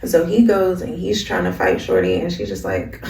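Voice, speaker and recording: Gravelly-voiced woman rambling through an anime recap. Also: fairly low pitch, huge pitch swings, moderate pace, hardly any pauses, dark tone. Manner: slangy, rambling, full of "like" fillers. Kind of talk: casual chatty recap. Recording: roomy, from a distance.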